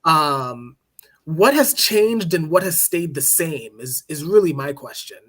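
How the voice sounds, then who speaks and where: A man hosting a podcast, asking questions in a halting, hesitant way with many fillers. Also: fairly high pitch, lively intonation, fairly bright tone. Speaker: podcast host. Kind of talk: casual interview questions.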